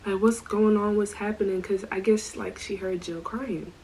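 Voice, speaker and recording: A woman telling a storytime vlog in a casual, animated way, full of slang and asides. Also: medium pitch, normal speed, a little hiss or hum, rough recording. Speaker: storytime vlogger.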